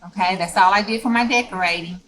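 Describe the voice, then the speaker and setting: A woman's voice: medium pitch, fast talker, fairly bright tone, slight background noise, rough recording. Folksy woman teaching a craft. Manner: folksy, chatty, keeps checking in with "okay?". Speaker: craft tutorial host. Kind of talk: step-by-step craft tutorial.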